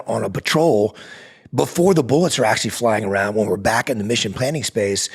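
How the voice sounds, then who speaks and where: A man's voice: medium pitch, creaky, slightly rough. A middle-aged man co-hosting a podcast, explaining leadership ideas in an earnest, conversational way with frequent restarts. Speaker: podcast co-host, leadership coach.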